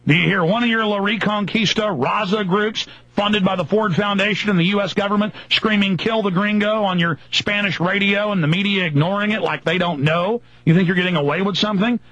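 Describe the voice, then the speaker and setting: A man's voice: high-pitched, brisk, hardly any pauses, a bit bright, no echo. A man hosting a talk radio show, ranting angrily and mockingly in long emphatic lists. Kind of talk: angry political radio rant. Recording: dull lo-fi radio broadcast.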